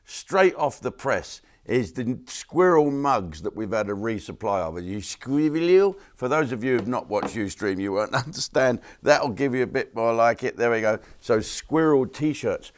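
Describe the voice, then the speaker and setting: A man's voice: moderate pace, hardly any pauses. Joking man hosting a show. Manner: jokey, swears, swoops up into high mock voices. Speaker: host of a live online show. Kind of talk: casual comic monologue.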